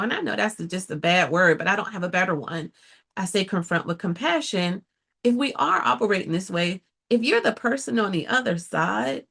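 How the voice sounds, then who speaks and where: A woman's voice: a little high, creaky, fairly bright tone. A middle-aged woman therapist giving earnest, direct advice to viewers, often checking in with a rhetorical "right?". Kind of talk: casual advice talk to viewers.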